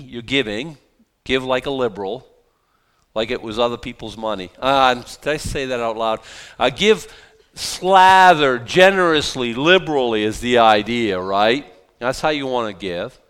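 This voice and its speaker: Joking pastor, smooth voice. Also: male voice, medium pitch, moderate pace, a bit bright. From South Boston. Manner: conversational, joking asides, frequent restarts. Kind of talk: verse-by-verse sermon.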